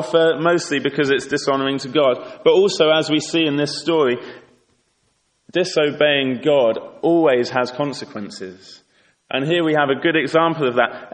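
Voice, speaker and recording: A man preaching a sermon in an earnest, exhorting way, asking rhetorical questions. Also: a little high. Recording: echoey hall with long reverb.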